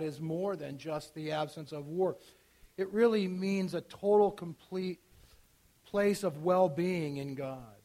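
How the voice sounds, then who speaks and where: A pastor preaching in a relaxed, conversational way, his voice sitting a touch higher than most men's. He stumbles and restarts often, then drops almost to a murmur on the phrases he wants to land. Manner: conversational, with frequent restarts and dropping to a hush at key phrases. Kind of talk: sermon.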